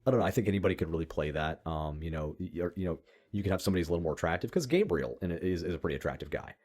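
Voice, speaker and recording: A man's voice: sits low, expressive, very fast, darkish tone. A young man co-hosting a podcast, rambling through opinions in casual chat and swearing freely. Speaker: podcast co-host.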